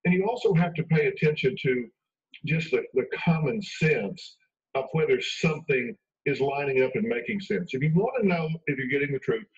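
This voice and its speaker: A man's voice: mid-range voice, animated, moderate pace. A man speaking as an expert guest in a radio interview, emphatic and conversational, acting out quoted lines. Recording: dull radio broadcast from far off.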